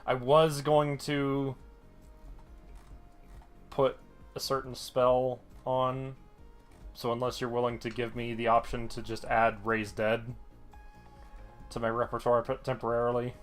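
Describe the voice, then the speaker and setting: A man playing a tabletop game, speaking in character in a dry, measured way. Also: medium pitch, flat delivery, soft background music. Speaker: player.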